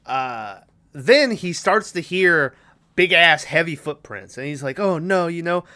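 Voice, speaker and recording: A man with a bright, clean voice talks through a movie scene by scene in a loose, rambling podcast chat. He slips into quick put-on voices for the characters and keeps the story rolling. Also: fairly high pitch, expressive. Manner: rambling retelling, acting out character lines. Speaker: podcast co-host. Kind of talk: casual movie recap.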